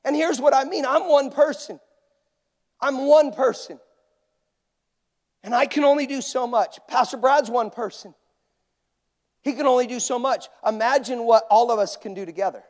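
A man's voice: extremely high pitch, a little fast. A male pastor preaching a sermon, emphatic and repetitive, in a church. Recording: long hall reverb.

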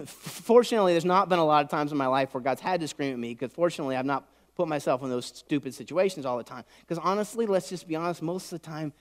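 A middle-aged man preaching a sermon, swinging from loud shouts to soft whispers. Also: on the high side, fast, hardly any pauses. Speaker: pastor. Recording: long hall reverb.

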